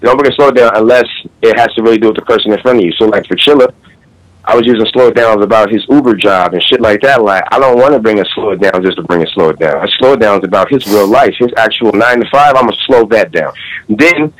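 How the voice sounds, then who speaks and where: A battle rapper talking shop in a loose podcast conversation, slangy and animated, now and then reciting his own bars. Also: fairly low pitch, fast talker, poor audio. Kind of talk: casual podcast chat.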